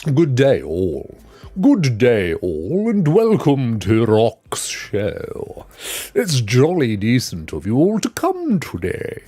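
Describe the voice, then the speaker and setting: A jolly, plummy upper-class English gentleman with a posh accent welcomes everyone in a formal way, as a streamer puts him on. The pitch swings lively up and down. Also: slow pace, faint music behind, full character voice.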